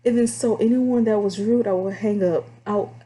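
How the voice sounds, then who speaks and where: A young woman from Texas with a Texan accent, candidly telling stories about her call center job in a casual, animated, drawling way. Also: mid-range voice, moderate pace. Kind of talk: casual storytime vlog.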